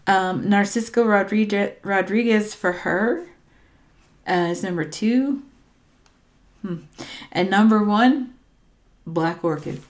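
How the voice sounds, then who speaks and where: Slow, hesitant woman reading a list. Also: mid-range voice. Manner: hesitant, unsure pronunciations, trailing asides. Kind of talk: casual chat reading out a ranked list.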